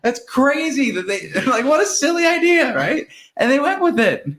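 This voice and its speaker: A man's voice: extremely high pitch, moderate pace. A man co-hosting a podcast, giving a casual movie review with lots of laughter and jokes. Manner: laughing, jokey, animated retelling. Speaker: podcast co-host.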